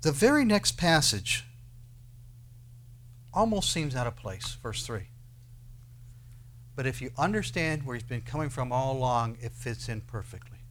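A man preaching a sermon, who swings between loud declarations and quiet asides and asks his listeners many rhetorical questions. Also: mid-range voice, animated, unhurried, pauses often, a little hiss or hum. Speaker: pastor.

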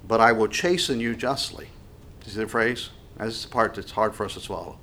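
A man's voice: fairly low pitch, a little fast, bright, forceful tone. A middle-aged man preaching a sermon in an earnest, conversational way, with frequent restarts and fillers. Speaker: pastor.

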